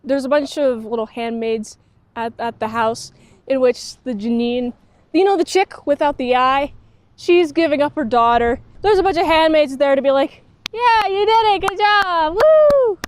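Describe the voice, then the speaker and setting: High-voiced sarcastic woman reviewer. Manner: blunt and sarcastic, acts out characters in quick quoted voices. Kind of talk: casual spoken review.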